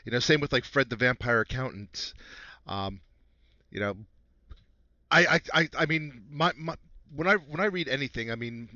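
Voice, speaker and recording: Bright-voiced, rambling man. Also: medium pitch, expressive, moderate pace, pauses often, no room sound, muffled recording. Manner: rambling, many restarts and fillers. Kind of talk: casual podcast chat.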